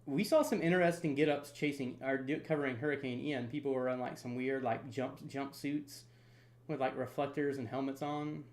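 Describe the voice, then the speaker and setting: A man in his thirties from North Florida hosting a casual storm-chasing livestream, chatty and quick to laugh while reading viewer comments. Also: medium pitch, steady tone. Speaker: storm chaser livestream host.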